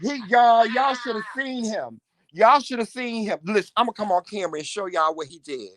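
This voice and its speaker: Teasing, animated man on a couple vlog. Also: sits high, normal speed, no echo. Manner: salty, profane. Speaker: vlog co-host. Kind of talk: casual couple chat.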